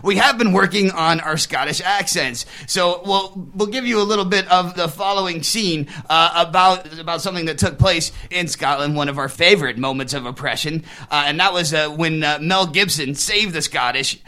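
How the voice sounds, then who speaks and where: A man's voice: a little high, moderate pace, hardly any pauses, pushed and bright. A man voicing a crude, wisecracking male puppet guest who makes bawdy puns in a comedy interview. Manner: bawdy punning showman.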